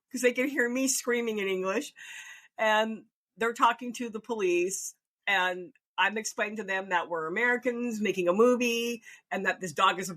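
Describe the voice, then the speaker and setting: A woman casually telling a funny personal story, animated and laughing often as she acts out her own reactions. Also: mid-range voice. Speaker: storyteller host.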